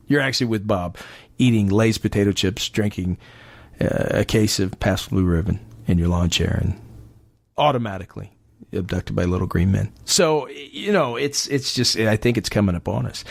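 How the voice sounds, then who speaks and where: Gravelly-voiced American man hosting a paranormal show. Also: fairly low pitch, dry recording. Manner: animated and rambling, with frequent fillers. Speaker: podcast host. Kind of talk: casual monologue.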